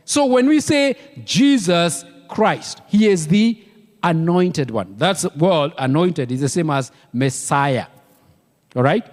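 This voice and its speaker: High-voiced Kenyan preacher. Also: male voice, big-room sound. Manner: emphatic, repeats key words. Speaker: pastor. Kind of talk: sermon. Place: church.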